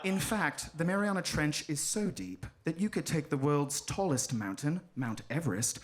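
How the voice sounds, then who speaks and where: A man's voice: fairly high pitch, expressive, normal speed, pitched below the performer's own voice, natural voice. A man mimicking a solemn documentary narrator. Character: pompous male nature documentary narrator.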